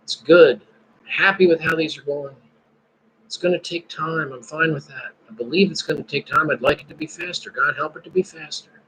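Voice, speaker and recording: A man's voice: a little high, moderate pace, fairly bright tone, a little hiss or hum, poor audio. A man hosting a casual live stream, musing and praying aloud between his thoughts. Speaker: podcast host.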